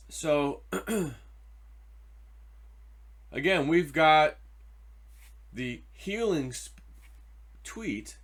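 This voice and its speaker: A man hosting his own commentary video, excitable and mocking, swinging from loud repeated outbursts to a low mutter. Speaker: host.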